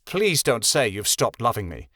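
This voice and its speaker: A man's voice: medium pitch, very animated, normal speed, a bit bright, dry recording, studio quality. A man voicing a cruel tyrant king in a fantasy audiobook, cold and sneering. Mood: pleading.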